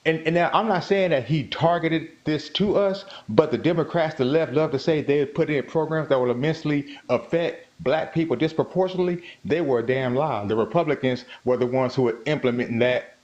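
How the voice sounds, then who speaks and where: A man's voice: fairly high pitch, a little fast, few pauses, darkish tone, lo-fi sound. A man calling in to a discussion, arguing his point emphatically and repeating himself as he presses on. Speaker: caller. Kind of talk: heated political argument.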